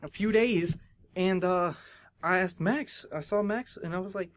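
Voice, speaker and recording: Animated young man telling a story. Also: a little slow, dry recording. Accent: American. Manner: animated, acts out dialogue with big pitch jumps. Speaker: podcast host. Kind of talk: casual storytelling monologue.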